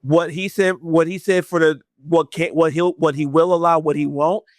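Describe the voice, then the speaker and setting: A man's voice: a little high, fairly even intonation, normal speed, no room sound, clean studio sound. A man guesting on a podcast, talking casually and thoughtfully, often restarting his sentences. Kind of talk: casual chat.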